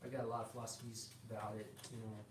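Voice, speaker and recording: Speaking very fast in a fairly low, level voice, a middle-aged guest gives a casual testimony about his faith. He acts out conversations with restarts and fillers. The distant mic produces a roomy sound with background noise.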